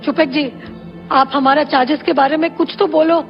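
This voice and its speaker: A woman's voice: high-pitched, steady tone, very fast. Desperate Indian mother. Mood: agitated. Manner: broken English, begging. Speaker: mother in a courtroom. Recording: muffled film soundtrack with music.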